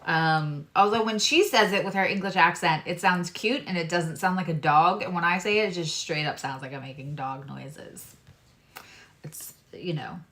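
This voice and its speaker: A woman's voice: on the low side, moderate pace, pushed and bright. A woman reading tarot cards on a live stream, chatting with viewers in a loose, digressive way. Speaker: tarot reader and astrologer.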